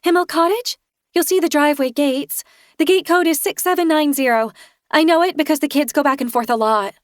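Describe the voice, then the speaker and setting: Smug woman, sanctimonious, sugary and condescending, done by a female narrator, higher voice. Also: fairly quick, no room sound, clean studio sound, lightly acted. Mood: falsely sweet. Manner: condescending, falsely sweet.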